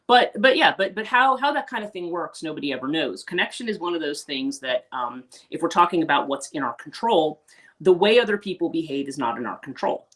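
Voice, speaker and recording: A woman's voice: low voice, expressive, a little fast, fairly bright tone. A woman hosting a spiritual life coaching livestream, talking casually and rambling, with many restarts and acted-out quotes. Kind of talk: casual unscripted livestream talk.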